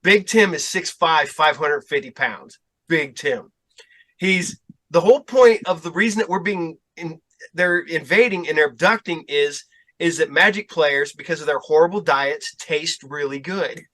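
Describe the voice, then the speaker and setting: A man who owns a game shop, chatting as a podcast guest and telling stories in an animated way, swearing freely. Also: fairly high pitch, unhurried. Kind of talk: casual podcast chat.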